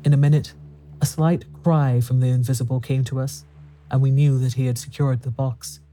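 Deep, mellow male storyteller. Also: little pitch movement, moderate pace, a little hiss or hum. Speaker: narrator. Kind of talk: scripted horror story narration.

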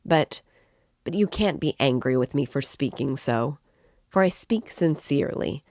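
A woman's voice: extremely low pitch, lively intonation, unhurried, darkish tone, exaggerated voice. A woman reading as a tipsy ranting young man. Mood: impassioned. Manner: impassioned, ranting. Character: excitable drunken young man, effusive.

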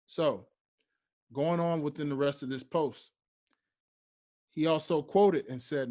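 A young man hosting a solo podcast, speaking slowly and deliberately and stressing his key points. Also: on the high side, dark tone. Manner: slow, deliberate, emphatic. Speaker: podcast host.

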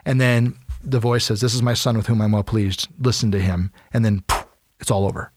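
On a podcast, a male co-host explains Bible passages in casual conversation, telling it like an animated story and acting out the quotes. His voice is on the low side and brisk, captured in a dry, studio-quality recording.

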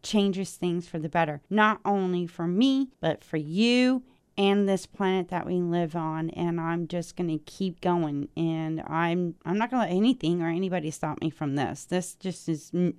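A woman hosting a solo podcast, thinking out loud as she reads. Her voice is smooth and resonant, recorded close and dry with no room sound. She is animated and easily fired up. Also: lowish voice, no echo. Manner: stumbles over ancient names. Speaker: podcast host. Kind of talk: solo spiritual podcast, reading and musing aloud.

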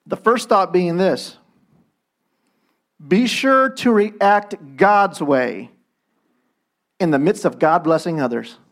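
A man's voice: high voice, animated, slow, long pauses, fairly bright tone. A man preaching a sermon in a conversational way, acting out quoted voices as he goes. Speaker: pastor.

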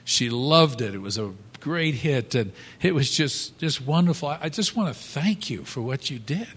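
A man's voice: medium pitch, expressive, normal speed, husky. A man voicing a kind, earnest husband, in a reverberant hall. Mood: grateful.

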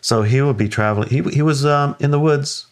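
A man co-hosting a podcast, telling a story in a relaxed, chatty way and acting out the voices of people he quotes. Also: fairly quick. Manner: animated, acts out quoted voices with playful high pitch. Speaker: podcast co-host. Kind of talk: casual storytelling chat.

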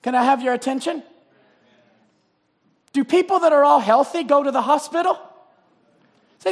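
A man delivers an impassioned sermon in a very high voice, rising to shouts and dropping to hushed scripture reading. His voice rings out with a long reverb through a church sanctuary. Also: lively intonation, normal speed, long pauses. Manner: impassioned, swings between shouting and quiet reading. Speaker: preacher.

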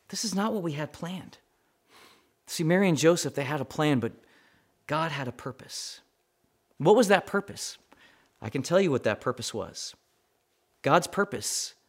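A man preaching a sermon with dramatic swings between loud emphasis and near-whispers, acting out quoted prayers. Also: a little high, slightly rough. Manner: acts out quoted voices in prayers. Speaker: pastor.

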